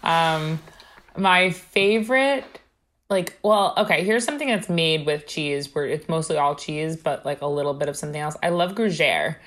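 A woman's voice: low-pitched, moderate pace, a bit bright. Blunt Long Island woman chatting. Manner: blunt, swears casually, laughs often. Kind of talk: casual chat.

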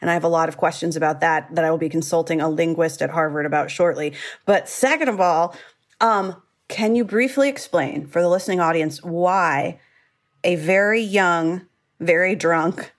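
A woman hosting a casual podcast interview, playful and quick to laugh, often jumping in with asides. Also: lowish voice. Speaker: podcast host.

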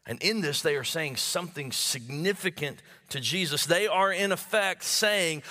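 Male preacher, high bright voice, stammering repeats, sinks to hushed tones, long church reverb. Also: moderate pace, hardly any pauses. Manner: stammering restarts, repeats words while building emphasis; drops to low hushed tones for key phrases. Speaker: pastor. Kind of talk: sermon.

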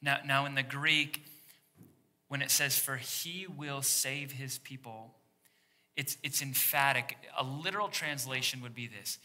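Male pastor, very bright ringing tone, lively sermon delivery that sinks to a hush for emphasis, speaks to the congregation directly. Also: mid-range voice, a little slow. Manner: animated, dropping to a hushed near-whisper for emphasis.

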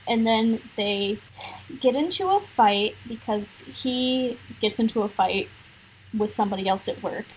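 A woman's voice: fairly high pitch, measured pace, slight background noise, poor audio. A young woman co-hosting a podcast, talking bluntly and emphatically in a casual chat, with many fillers. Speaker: podcast co-host.

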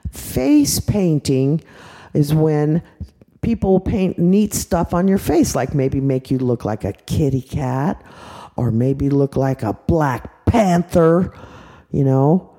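An older woman, a grandmother, narrating a children's story in an animated, chatty way, full of asides. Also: on the low side.

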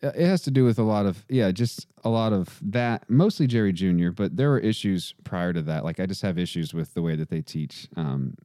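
A man's voice: low voice, lively intonation, brisk, hardly any pauses, warm tone, dry recording, studio quality. A man with a faint Southern accent, a podcast guest talking in a loose, rambling way with many fillers and restarts. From southern United States. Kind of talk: casual conversation.

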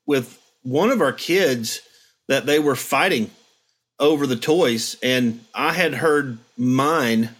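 A man's voice: mid-range voice, slow, fairly bright tone. A middle-aged man in casual chat, reflectively telling stories and acting out quotes. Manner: reflective, storytelling with acted-out quotes. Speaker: podcast host.

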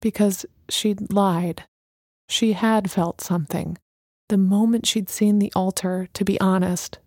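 A woman narrating an audiobook in a steady, measured reading. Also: medium pitch, no room sound, clean studio sound.

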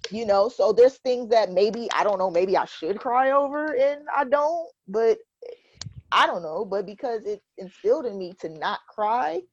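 A woman's voice: on the high side, lively intonation, measured pace. Candid woman hosting a podcast chat. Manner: candid, rambling, laughs easily. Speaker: podcast host. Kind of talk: casual group podcast chat. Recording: dry, slightly dull lo-fi sound.

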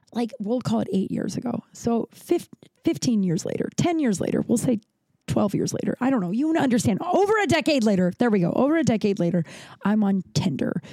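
A woman in her thirties tells a long personal story on her podcast, wandering off and correcting herself, peppering it with fillers and curses. Her voice is mellow and warm. The sound is dry and close, with no room around it. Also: medium pitch, gravelly, dry recording. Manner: rambling, profane, lots of fillers and self-corrections. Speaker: podcast host. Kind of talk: casual storytelling monologue.

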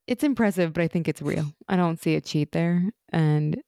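A woman's voice: sits low, normal speed, clean tone, no room sound. A woman co-hosting a casual TV recap podcast, retelling scenes and acting out the characters' lines with frequent laughs. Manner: animated retelling, acts out quoted lines, laughs often. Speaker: podcast co-host.

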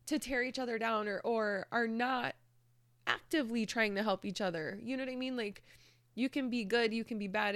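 A woman's voice: a little high, a bit bright, no room sound, clean studio sound. Chatty, earnest woman recommending books. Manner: chatty, swears casually, many fillers; earnest, emotional. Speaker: book vlogger. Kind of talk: casual chat.

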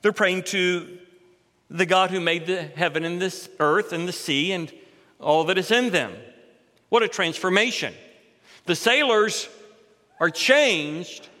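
A middle-aged man delivers an expository sermon from the pulpit. His voice sits high and bright, and it climbs and swells when he stresses a line. Long reverb from the sanctuary trails each phrase. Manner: expository preaching, rising in pitch and force for emphasis. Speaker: pastor.

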